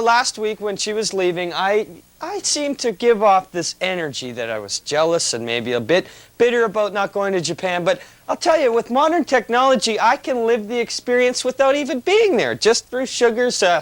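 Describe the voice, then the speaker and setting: A man's voice: high voice, fairly bright tone. A man hosting a kids' TV show, rambling and joking with many fillers. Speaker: kids TV host. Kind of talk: studio host patter.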